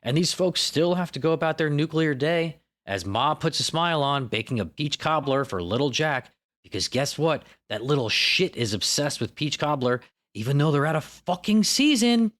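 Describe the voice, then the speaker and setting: A man's voice: a little high, lively intonation, normal speed, fairly bright tone. A man hosting a podcast alone, riffing in an irreverent, profane, self-mocking comic monologue. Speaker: podcast host.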